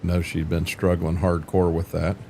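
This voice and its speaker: An older man with a lowish voice hosts a laid-back game stream. He talks casually with his viewers, wanders from thought to thought, trips over his own starts and throws in the odd mild curse. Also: completely flat delivery, normal speed, dark tone, slight background noise. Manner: rambling, frequent restarts, mild cursing. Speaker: livestream host. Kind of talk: casual chat while streaming a farming game.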